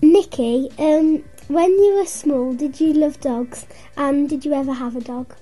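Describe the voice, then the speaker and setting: A woman co-host reads prepared questions slowly and a little hesitantly. Her voice is high but very dark and soft in tone. Faint music plays behind her. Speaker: young co-host interviewer. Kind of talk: reading prepared interview questions.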